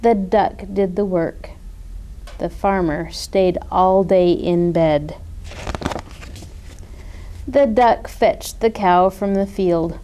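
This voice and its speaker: A woman reads a children's picture book aloud, taking her time over each line. Her voice is mellow and soft-edged, and her telling is gentle and expressive. She speaks as a children's librarian sharing a favorite story. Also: on the low side, very slow, long pauses, a little hiss or hum.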